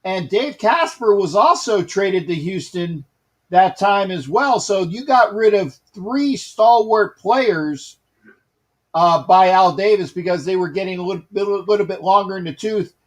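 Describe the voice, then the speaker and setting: A man's voice: sits high, lively intonation, measured pace. A man co-hosting a casual sports podcast, rambling through stats and stories with lots of restarts. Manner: rambling, with many restarts and fillers. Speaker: podcast co-host.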